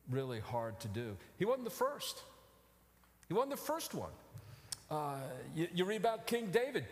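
High-voiced pastor in a reverberant hall. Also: male voice. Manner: builds from low reflective tones to loud, emphatic outcries. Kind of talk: sermon. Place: church sanctuary.

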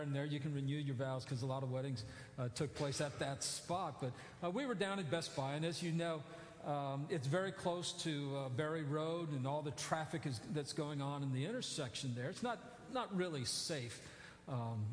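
A male pastor giving a sermon in a church, talking in a conversational way with many fillers and self-corrections. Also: on the high side. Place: church sanctuary. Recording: echoey church hall.

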